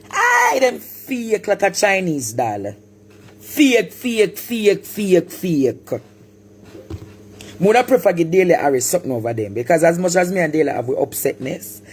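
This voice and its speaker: A man from Jamaica with a Jamaican accent, ranting animatedly on a live stream, repeating words and bursting into shouts. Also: a little high, breathy edge. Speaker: social media personality.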